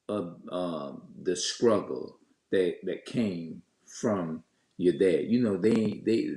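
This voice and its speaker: A man's voice: on the low side, mellow. A man telling viewers a story in a heated, cursing rant, stopping and restarting often. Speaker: vlogger. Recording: echoey room.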